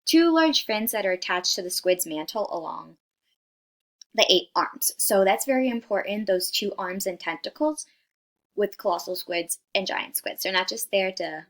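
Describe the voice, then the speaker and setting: A woman's voice: medium pitch, a bit bright. Chatty young woman giving a slide presentation. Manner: chatty, many fillers, asks "right?" often; apologizes for stumbling over hard scientific words. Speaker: student presenter. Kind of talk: casual class presentation over slides.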